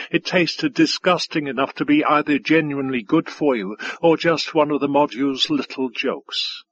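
A man narrating a science-fiction audiobook in a measured, wry storytelling manner. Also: a little high, creaky, fairly bright tone, breathy edge, dry recording, muffled recording. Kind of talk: scripted narration.

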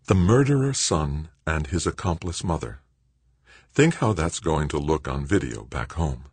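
Male narrator playing a icy, husky, low-voiced avenger, flat delivery, dry close read. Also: a little slow, no echo, exaggerated voice. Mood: cold. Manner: cold, hushed, flat. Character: cold vengeful bitter woman.

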